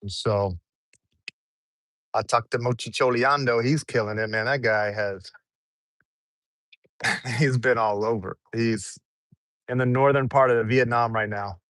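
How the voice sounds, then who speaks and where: In a relaxed travel eating vlog, a young man from the United States rambles casually and chuckles often, mukbang style. His mid-range voice keeps a steady tone, runs a little slow with frequent pauses, and sounds fairly bright, with no room sound.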